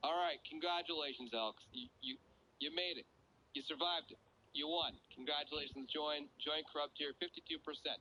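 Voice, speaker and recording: A man's voice: a little high, normal speed, sharp tone, a little hiss or hum, rough recording. A man hosting a joke contest in game voice chat, upbeat and chatty like an announcer. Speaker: game stream host running a joke contest.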